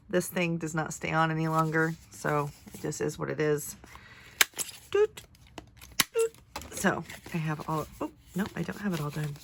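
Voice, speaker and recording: A woman in her forties with a low, gravelly voice that sounds nasal and stuffed up after a lingering cold. She chats casually while crafting, thinking aloud as she measures and folds paper. Loud background noise sits under her voice. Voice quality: nasal from congestion. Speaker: first grade teacher.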